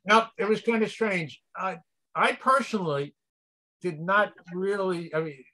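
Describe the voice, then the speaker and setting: A man's voice: high voice, measured pace, bright, forceful tone. An older man with a New York accent, chatting as an interview guest in an easygoing way and chuckling often. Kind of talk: casual interview chat.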